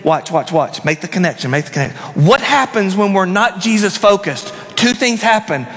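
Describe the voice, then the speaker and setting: A man preaching a sermon as a pastor, telling the story dramatically and dropping into hushed emphasis. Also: high voice, lively intonation, moderate pace. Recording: long reverb of a church hall.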